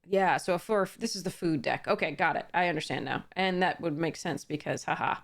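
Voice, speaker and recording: A woman's voice: low voice, fairly quick, creaky. A young woman chatting casually as she opens card packs, reading card text aloud with frequent fillers and small laughs. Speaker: card game YouTuber. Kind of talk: casual pack-opening commentary.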